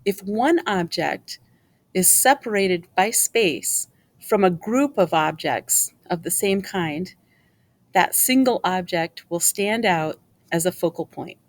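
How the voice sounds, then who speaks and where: A woman teaching an art lesson in scripted narration, explaining clearly and asking viewers questions. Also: on the low side, expressive, takes it slowly.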